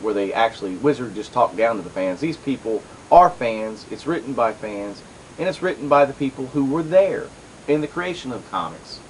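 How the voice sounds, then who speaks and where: A middle-aged man hosting a comics chat show. His talk rambles, full of asides and self-corrections, and his pitch rises and falls a lot. There is a faint hiss in the background. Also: rough recording. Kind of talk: casual chat and commentary.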